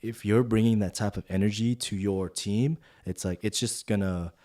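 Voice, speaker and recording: A man's voice: lowish voice, normal speed. A young adult man co-hosting a podcast, telling a story in casual chat and acting out the dialogue with lots of filler words. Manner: animated, acts out quoted dialogue with filler words. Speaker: podcast co-host.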